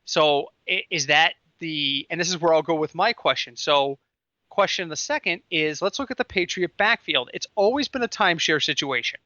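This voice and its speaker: A man co-hosting a football podcast, chatting casually and telling stories in an animated, excitable way. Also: on the high side, normal speed, dry recording, lo-fi sound. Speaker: podcast co-host. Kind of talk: casual sports chat.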